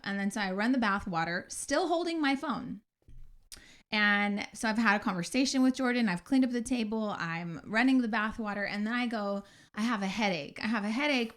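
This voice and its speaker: Acting out her own swear-laden outbursts, a woman in her forties animatedly tells a story while chatting casually as a podcast co-host. Her voice has a medium pitch.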